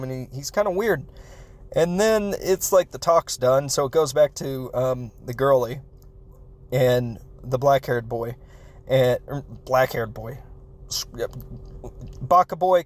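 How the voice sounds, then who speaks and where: A man hosting a podcast, recapping a film in a rambling, self-interrupting way and laughing as he talks. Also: medium pitch. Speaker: podcast host reviewing a film. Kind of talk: casual comedic film recap.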